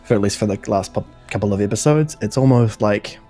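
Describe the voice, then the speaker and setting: A man's voice: fairly low pitch, fairly quick, warm tone, soft background music. A man co-hosting a casual podcast chat, blunt and wry, laughing often. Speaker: podcast co-host.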